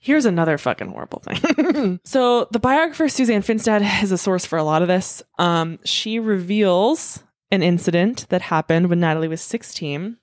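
A woman hosting a podcast tells a story casually and chattily, packed with fillers and free swearing. Her mid-range voice has lively intonation and normal speed, recorded clean in a studio with no room sound.

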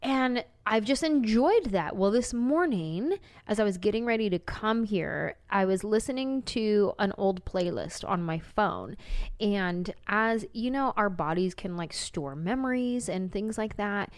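A woman's voice: medium pitch, lively intonation, unhurried. A woman comedian talking as a podcast guest, reflective and emotional, laughing easily and sometimes dropping to a near whisper. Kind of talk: casual podcast chat.

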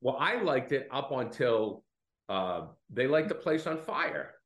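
A man co-hosts a casual film discussion, rambling through his points with plenty of restarts. His pitch swings lively up and down, and the recording rings with a roomy echo. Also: a little slow. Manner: rambling, with false starts and self-corrections. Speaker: film podcast co-host.

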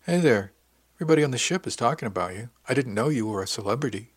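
A man voicing a shy, earnest young woman in an audiobook, speaking softly and hesitantly. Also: medium pitch, animated, fast, slightly rough, no room sound. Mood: bright. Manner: soft, hesitant.

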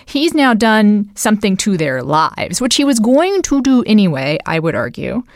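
A woman co-hosting a political discussion, animated and emphatic, her pitch jumping up on key words, with many "like" and "you know" fillers. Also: normal speed, no room sound, studio quality. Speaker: podcast co-host.

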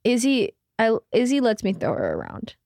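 A woman's voice: fairly high pitch, moderate pace, dry recording, clean studio sound. A young adult woman, a guest who is the host's daughter, teasing and joking in a casual family chat. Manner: teasing, animated.

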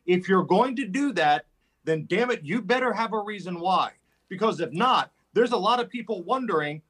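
A man appearing as a guest on talk radio, making a fast, forceful political argument. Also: high voice, lively intonation, slightly rough. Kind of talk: opinionated talk radio commentary.

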